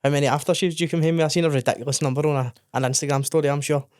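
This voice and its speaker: A man's voice: fairly high pitch, steady tone, a little mellow, dry recording, clean studio sound. A man with a Scottish accent co-hosting a podcast, bantering and swearing with his mate in casual chat. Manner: banterish, sweary, quick to laugh, says mate and aye. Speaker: podcast co-host.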